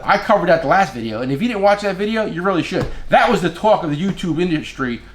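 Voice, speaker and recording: A man's voice: high-pitched, fast talker, roomy sound, slight background noise. A man who works as a tool dealer, telling stories in a casual chat and acting out the voices of the people he quotes. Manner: animated, acts out quoted voices, swears.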